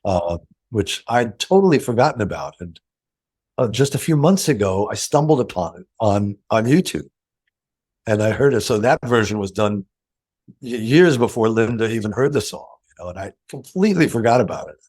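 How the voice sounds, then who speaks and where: Older male guest, low-ish voice, animated anecdotal delivery. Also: moderate pace, husky. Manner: animated anecdotes, acts out quoted dialogue, laughs often. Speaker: session guitarist, interview guest. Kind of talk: storytelling interview.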